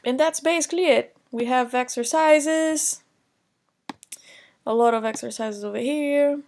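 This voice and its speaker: A young adult woman teaching Portuguese in a recorded lesson, explaining examples slowly in English and Portuguese with many fillers. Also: sits high, a little mellow. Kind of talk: recorded online lesson lecture.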